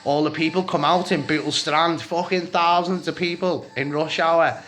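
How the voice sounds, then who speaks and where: A man's voice: fairly high pitch, fairly even intonation, moderate pace, a bit bright. A man in his forties with a Scouse accent, telling a rambling, heated story from his own life in a casual vlog, swearing freely and often. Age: 40s.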